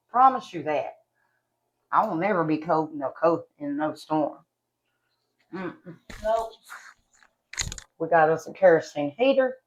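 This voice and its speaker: A West Virginia woman with a deep voice and an Appalachian Southern accent chats casually to the camera at home while reviewing products. She's folksy and talkative and calls her viewers y'all. The recording sounds lo-fi.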